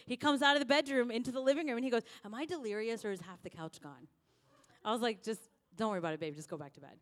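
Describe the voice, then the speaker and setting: A woman pastor preaching a sermon, telling stories with lively swings from hushed lines to loud ones. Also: on the high side.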